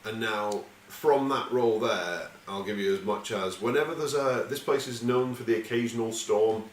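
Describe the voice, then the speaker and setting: Speaking at an ordinary pace in a lowish voice, this man acts as game master for a tabletop game. He narrates in a relaxed way, drifting into rambling tangents and cursing. It was recorded in an echoey space with faint noise.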